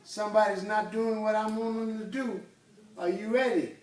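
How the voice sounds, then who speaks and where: Man, a commanding classroom teacher with a high voice, recorded far off in an echoey room. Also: fairly even intonation, normal speed, darkish tone, slight background noise. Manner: commanding, drills students call-and-response.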